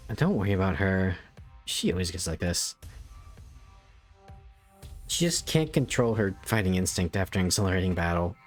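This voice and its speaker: A man voicing a calm older sibling martial artist in a game, speaking in a reassuring way. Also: low voice, moderate pace, long pauses, faint music behind, pitched below the performer's own voice.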